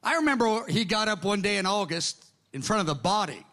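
A man's voice: high voice, brisk. A middle-aged man, a pastor, telling stories in a sermon and acting out conversations with others. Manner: animated anecdotes, quoting others in dialogue. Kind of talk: sermon storytelling.

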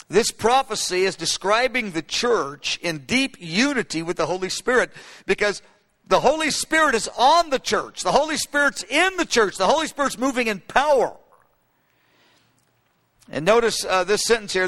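Working from his notes, a male preacher delivers emphatic teaching that rises into fervent, repeated cries. His voice is high, bright, and forceful, echoing with the long reverb of a big hall.

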